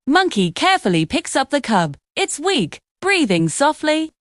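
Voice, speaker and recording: Expressive woman storyteller, lively pitch. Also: unhurried, no room sound, clean studio sound. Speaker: narrator. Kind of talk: children's story narration.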